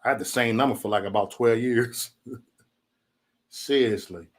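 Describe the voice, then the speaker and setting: Speaking at normal speed with a medium-pitched voice, a man hosts a relaxed livestream chat. The talk wanders loosely, full of swearing, frequent "man," and little chuckles between comments.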